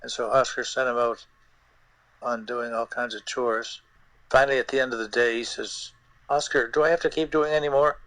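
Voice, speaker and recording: An older man, a guest puppeteer, telling stories in an interview in a halting way, repeating words and using many fillers. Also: mid-range voice, fairly even intonation, a bit bright, dry recording, low-quality recording. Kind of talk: anecdotal interview storytelling.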